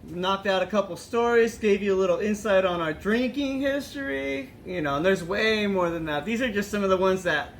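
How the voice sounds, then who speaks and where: A man co-hosting a podcast in casual banter. He wraps up with upbeat sign-off patter. His voice sits high for a man, over faint background noise. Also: normal speed, hardly any pauses. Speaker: podcast co-host. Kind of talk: casual chat.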